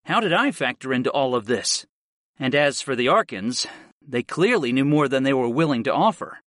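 Expressive male audiobook narrator. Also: mid-range voice, normal speed, dry recording, studio quality. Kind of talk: first-person audiobook narration.

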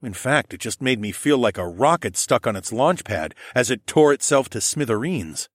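A man narrating a first-person fantasy romance audiobook in an expressive storytelling manner. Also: mid-range voice, moderate pace, dry recording, studio quality.

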